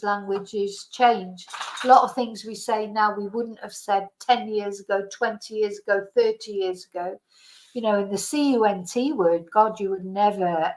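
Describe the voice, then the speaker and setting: A woman's voice: medium pitch, low-quality recording. A middle-aged woman with a Manchester accent, chatting casually with viewers on a livestream and laughing often. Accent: Mancunian. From Manchester, England. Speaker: livestream host.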